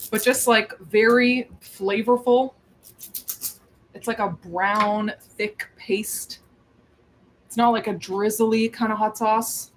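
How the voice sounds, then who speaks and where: A woman's voice: on the high side, a bit bright, slight background noise, low-quality recording. A woman hosting a cooking livestream from her home kitchen, chatting casually in a rambling way as she moves around, with cooking sounds behind her. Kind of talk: casual chat while cooking.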